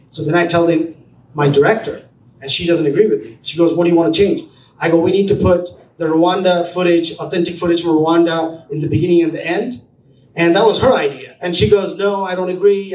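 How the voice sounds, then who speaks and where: A high-voiced man recounting a story with animated quotes, as a film producer speaking at an event. His voice comes from a distance in a roomy, echoing space, with faint ambience underneath. He shifts his tone as he voices each person in the tale. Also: a little hiss or hum. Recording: echoey room, voice from afar.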